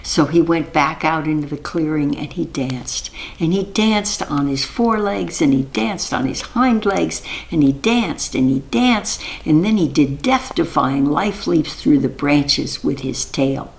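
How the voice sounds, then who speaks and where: A woman reading a children's story aloud in a gentle, rhythmic, repetitive telling. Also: sits low, animated, measured pace, creaky, few pauses, rough recording.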